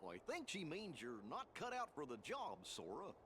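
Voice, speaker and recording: A man's voice: on the high side, huge pitch swings, moderate pace, fairly bright tone, slight background noise. A man voicing a blunt male sidekick in a video game, heard through game audio.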